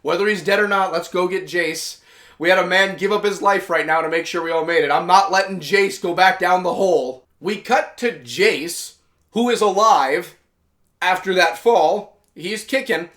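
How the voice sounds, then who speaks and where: A man's voice: high-pitched, moderate pace, fairly bright tone. A man hosting a casual comic review, rambling through the story with lots of filler and quoted lines. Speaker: host.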